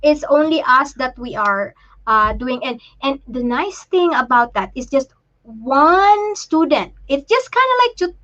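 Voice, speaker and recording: A woman hosting a casual live chat, talking in a halting, emotional way with many restarts while she shows things to the camera. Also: sits high, expressive, bright, forceful tone, highs cut off. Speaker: livestream host and parent.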